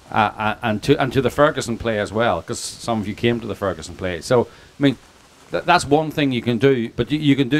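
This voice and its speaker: A man with an Irish accent, a documentary filmmaker speaking informally to an audience, rambling and joking with many restarts and asides. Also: medium pitch. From Ireland. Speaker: documentary filmmaker giving a speech. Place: outdoor picnic gathering.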